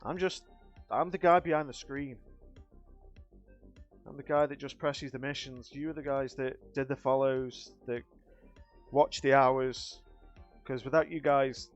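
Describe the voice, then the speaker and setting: A man chatting live to his stream viewers, emotional and grateful, often restarting his sentences. His voice sits at a middling pitch and comes through dull, lo-fi stream audio. Faint music plays behind him. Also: steady tone, measured pace, pauses often. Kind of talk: casual live-stream chat.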